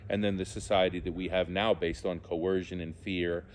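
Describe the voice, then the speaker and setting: A man, a theologian and musician, giving an earnest, heartfelt spiritual testimony and often pausing to search for words. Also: sits low, flat delivery, slight background noise.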